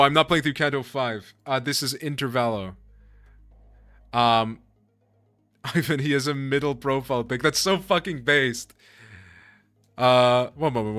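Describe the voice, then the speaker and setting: A man's voice: medium pitch, a bit bright, clean tone, no room sound. A man live-streaming a game, chatting with his viewers in a casual, profane way, laughing often and apologizing to chat.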